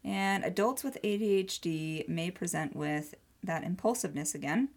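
A woman's voice: fairly low pitch, expressive, moderate pace. A woman co-hosting a casual podcast chat, reading through a list and joking, laughing often. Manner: jokey, laughs often, reads lists aloud. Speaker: podcast co-host.

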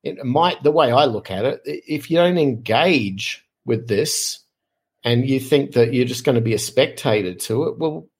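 A middle-aged man, a podcast guest telling lively anecdotes in casual conversation. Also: medium pitch, normal speed, breathy edge. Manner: animated, lively anecdotes with frequent fillers. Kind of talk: casual storytelling.

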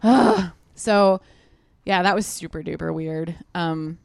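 A woman's voice: on the low side, slow, creaky, smooth, no room sound. A woman co-hosting a casual podcast, telling a story with lots of fillers and giggles. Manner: rambling, giggly, many fillers. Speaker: podcast co-host.

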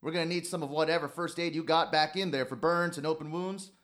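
A gruff country veterinarian who grumbles in a drawl, voiced by a man. His voice runs a little high and often loud. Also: steady tone, fast, close to an everyday voice. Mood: urgent. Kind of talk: radio drama acting.

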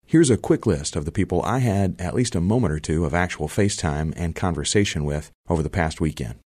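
Deep-voiced man reading a heartfelt essay. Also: animated, brisk, darkish tone, breathy edge, dry recording, studio quality. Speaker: podcast host. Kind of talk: scripted personal essay narration.

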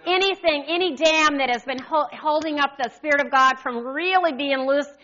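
Older woman preacher, bright high voice, lively call-and-response sermon, dull recording. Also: normal speed. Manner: animated, call-and-response with congregation.

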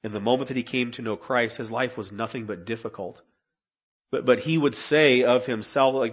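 A man's voice: mid-range voice, moderate pace, slightly rough, dull audio. A man preaching a sermon to his church in an earnest, conversational way, often restarting phrases and asking rhetorical questions. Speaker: pastor. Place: church sanctuary.

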